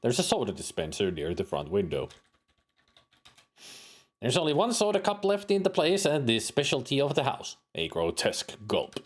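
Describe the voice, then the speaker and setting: A man's voice: medium pitch, wildly swooping pitch, normal speed. Fields: Sex: man. Role: streamer. Style: reading game text aloud, joking.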